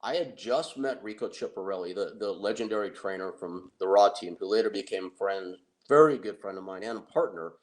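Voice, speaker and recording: Lower-voiced middle-aged man, animated storyteller, laughs at himself. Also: fairly quick, few pauses. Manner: animated, self-deprecating, laughs often. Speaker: wrestling and MMA manager. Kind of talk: anecdotal storytelling.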